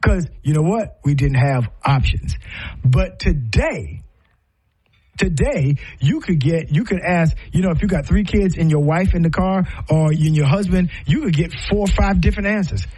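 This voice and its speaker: A man's voice: fairly high pitch, expressive, moderate pace, a little mellow, slightly rough, poor audio. A middle-aged man talking in a casual, reflective monologue, rambling with frequent restarts and repeated words.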